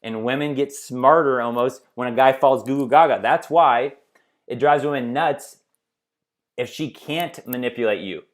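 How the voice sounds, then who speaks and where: Male host, middle-pitched voice, emphatic rambling commentary, keeps checking in with the listener. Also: moderate pace. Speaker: dating coach host. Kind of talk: opinionated commentary monologue.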